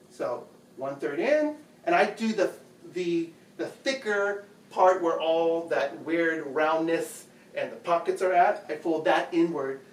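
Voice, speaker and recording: A chatty man with a slightly raised pitch walks through a household task step by step, repeating phrases patiently. He is recorded in an echoey bedroom on a mic set some distance away, with faint room noise behind him. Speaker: home video host. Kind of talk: casual how-to demonstration. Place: bedroom at home.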